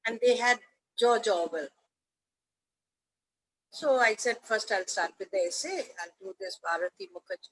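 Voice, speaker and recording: An older woman with an Indian English accent, speaking in a fairly high voice. She tells her stories in a chatty, animated way, slipping into playful voices for the people she quotes. It sounds like a relaxed interview conversation. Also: moderate pace, slightly rough, low-quality recording. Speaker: veteran teacher, interview guest. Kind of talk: casual storytelling interview.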